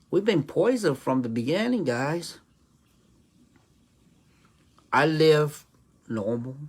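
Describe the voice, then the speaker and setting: Woman commentator, unhurried, animated intonation, preachy and questioning. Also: fairly low pitch. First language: Hmong. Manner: rhetorical, keeps asking "right?". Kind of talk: preachy opinion monologue.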